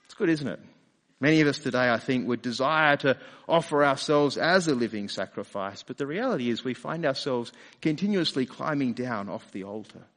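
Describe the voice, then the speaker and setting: A man's voice: mid-range voice, animated, brisk, fairly bright tone, big-room sound. A man preaching a sermon in a conversational way, often asking rhetorical questions. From Australia. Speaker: pastor.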